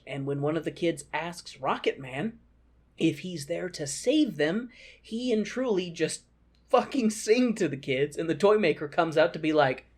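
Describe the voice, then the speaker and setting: A man in his thirties co-hosting a podcast, recapping a movie in an animated, profane rant. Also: on the high side. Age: 30s. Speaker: podcast co-host.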